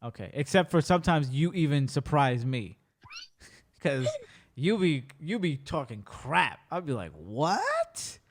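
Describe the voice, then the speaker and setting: Lively, animated male podcast host. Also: on the high side. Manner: animated storyteller, rapid bursts, swears freely. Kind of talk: casual chat.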